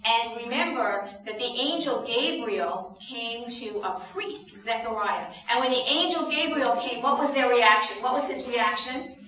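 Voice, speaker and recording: A woman leading a children's message in church, telling a story in an animated way and asking the children questions. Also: on the high side, unhurried. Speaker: children's sermon leader. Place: church sanctuary. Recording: roomy distant church sound, muffled.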